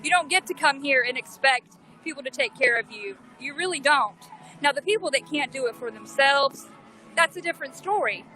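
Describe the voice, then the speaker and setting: Southern woman, high bright voice, blunt defiant phone livestream rant. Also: expressive, fairly quick, soft background music, rough recording. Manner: emphatic, blunt, indignant. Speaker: livestreamer at a protest.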